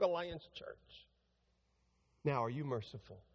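A man's voice: fairly high pitch, animated, normal speed, darkish tone, in a large hall. A man preaching a sermon to his church, talking conversationally and building to emphatic preaching. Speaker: pastor. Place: church sanctuary.

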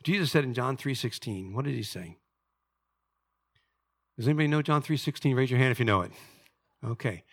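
A man preaching a sermon as pastor, moving between soft confiding storytelling and loud, fervent peaks. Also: mid-range voice, lively intonation, fairly quick, pauses often. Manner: drops to soft confiding tones for personal story.

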